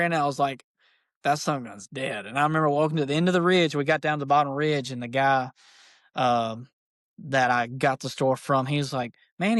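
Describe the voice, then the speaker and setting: A man, a podcast guest, tells a story in casual, excited, rambling speech, full of fillers like "dude". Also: mid-range voice, no echo, clean studio sound. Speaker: podcast guest, archery shop owner.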